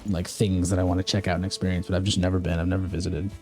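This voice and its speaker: A man's voice: deep voice, little pitch movement, rapid-fire, darkish tone, faint music behind. A man from the American Midwest streaming a game, chatting casually and rambling while answering his chat. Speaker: live streamer.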